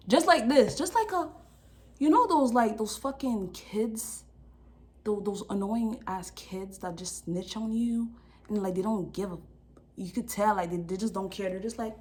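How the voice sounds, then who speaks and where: A young woman vlogger telling a story in a casual, slangy, animated way, acting out the people in it. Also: medium pitch, unhurried.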